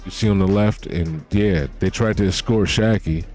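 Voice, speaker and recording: A man's voice: low-pitched, normal speed, darkish tone, faint music behind. A man giving casual reaction commentary on a manga chapter, talking loosely in slangy, profane speech.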